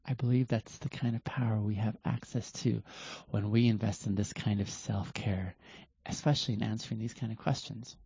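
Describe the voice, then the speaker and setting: A man hosts a reflective talk in a slow, earnest way, often stopping to restart a thought. His voice is mellow and a little husky. The sound is dry and dull, like a lo-fi recording. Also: lowish voice, fairly even intonation, no room sound. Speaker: host of a self-reflection talk.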